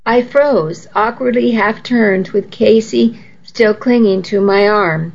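A woman's voice: medium pitch, takes it slowly, muffled recording. A woman narrating a first-person story in a wry, self-mocking tone.

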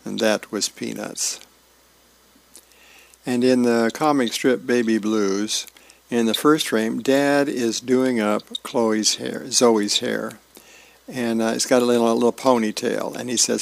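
A man reads the newspaper comics aloud for a radio reading service, his voice deeply gravelly and full of fry. He takes it easy and folksy, correcting small slips as he goes. The sound is dry and close, with no room around it. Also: flat delivery, normal speed, no room sound.

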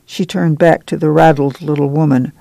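A reader narrating an audiobook in a steady storytelling manner. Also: medium pitch, moderate pace, creaky, dry recording. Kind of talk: audiobook reading.

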